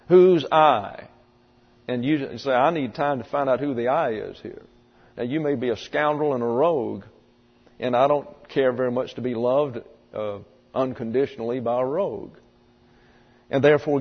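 A man preaching a sermon, teaching slowly and deliberately with frequent pauses and fillers. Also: mid-range voice, breathy edge. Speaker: pastor. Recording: dull, echoey hall recording.

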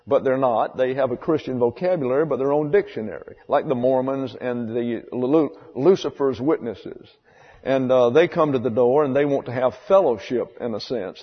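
A man's voice: medium pitch, slightly rough. A man preaches in an easy, conversational way, repeating his key phrases to drive them home. His voice carries a long reverb, as in a church sanctuary. The recording sounds dull and lo-fi. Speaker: pastor. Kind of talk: sermon.

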